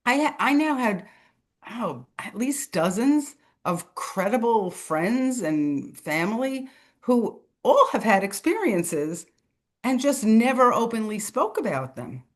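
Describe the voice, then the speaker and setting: A middle-aged woman, a guest on a talk show, telling a personal story in a casual, animated way, acting out the voices of the people she quotes and laughing between phrases. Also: on the high side, takes it slowly. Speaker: podcast guest, author.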